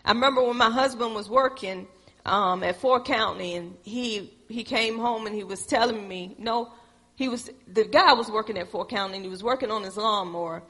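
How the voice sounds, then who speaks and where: A woman's voice: medium pitch, moderate pace, bright, forceful tone. A woman preaching a sermon, folksy and calling on the congregation for responses. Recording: echoey hall with long reverb.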